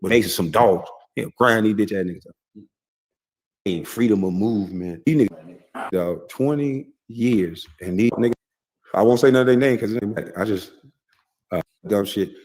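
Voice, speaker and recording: A man's voice: on the low side, moderate pace, darkish tone. A man, heard in a played clip, casually telling boastful, rambling stories with heavy profanity. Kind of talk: casual storytelling.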